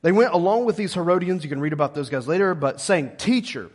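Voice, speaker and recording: A middle-aged man preaching a sermon as pastor, lively and calling on the congregation to answer back. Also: a little high, fast talker. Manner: lively, calls congregation to respond.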